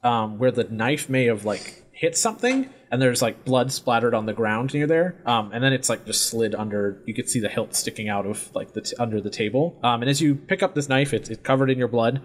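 A man's voice: mid-range voice, lively intonation, moderate pace, few pauses. A young man narrating a tabletop game as game master, casual and full of fillers.

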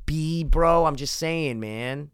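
Excitable swearing man in dry podcast chat. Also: medium pitch, quick pace, no room sound, faint music behind. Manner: excitable, swearing, says bro and dude. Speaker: podcast co-host. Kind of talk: casual crude chat.

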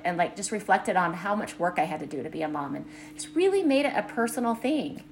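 A woman's voice: medium pitch, animated, fairly quick, hardly any pauses, fairly bright tone, a little hiss or hum. A middle-aged woman, a life coach co-hosting a podcast with her daughter, talking in an earnest, enthusiastic way, full of "like". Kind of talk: casual podcast chat.

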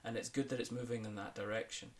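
A man's voice: medium pitch, quick pace. A man from the United Kingdom, an accent coach talking enthusiastically in a podcast interview. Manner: enthusiastic, animated when talking about accents; fillers and restarts, thoughtful.

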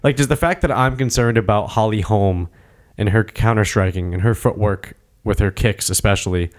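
A man hosting a casual chat about fighting, talking animatedly and acting out scenes. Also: lowish voice. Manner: animated, acts out scenes with voices. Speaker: podcast host.

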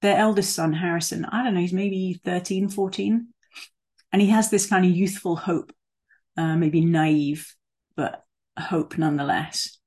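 Husky, low-voiced woman preaching casually. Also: fairly even intonation, a little slow, a little mellow. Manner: conversational, with fillers and asides. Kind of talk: sermon.

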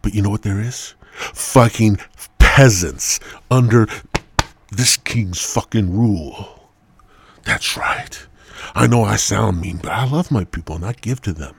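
A man's voice: lowish voice, measured pace, gravelly, slight background noise. A man hosting a podcast alone, rambling loosely through a profane monologue into a mic. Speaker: podcast host.

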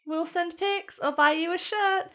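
A woman voicing an excitable young woman after a breakup, ranting and indignant. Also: very high-pitched, unhurried, voice pushed up, exaggerated voice. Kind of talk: tabletop role-play voicing.

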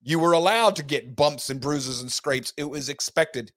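A middle-aged man hosting an opinion talk show, folksy, preachy and emphatic, with big swings in pitch. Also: normal speed, fairly bright tone. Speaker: host.

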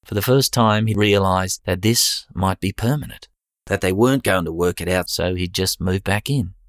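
A very low-pitched man with an Australian accent reading a story aloud in a plain, steady way. His delivery is relaxed and slangy, and the sound is dry and close, with no room around it. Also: moderate pace, no echo. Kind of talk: audiobook narration.

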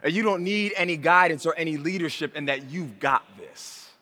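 A man preaching a sermon as pastor, earnest and intimate, building from hushed, quiet passages to rising emphasis. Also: on the high side, normal speed. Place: church hall. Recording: long hall reverb.

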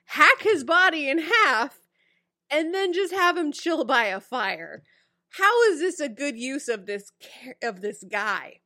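High lively exasperated woman. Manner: expressive, exasperated critique with laughter. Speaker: podcast co-host. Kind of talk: casual chat.

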